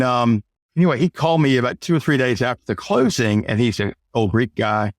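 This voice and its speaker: A man's voice: mid-range voice, no echo, clean studio sound. A man telling a work story as a sales trainer in a casual monologue, blunt and emphatic, with mild cursing and frequent "right?" asides. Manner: conversational, often asks "right?".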